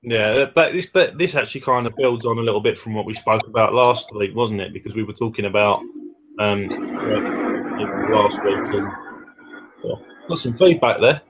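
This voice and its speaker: A man's voice: lowish voice, moderate pace, lo-fi sound, very noisy. A man co-hosting a casual webcast chat, explaining things step by step with hesitant fillers. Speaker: co-host, personal trainer.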